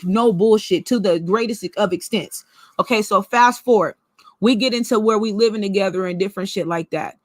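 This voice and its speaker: A woman vlogger telling a personal story in a blunt, profane, animated way. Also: mid-range voice, no room sound.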